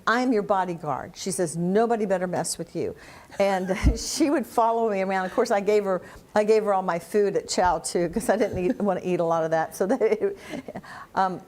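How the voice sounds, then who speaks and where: Animated older woman telling stories. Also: on the low side. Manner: animated storyteller, laughs often, many restarts. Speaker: interview guest. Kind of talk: conversational storytelling.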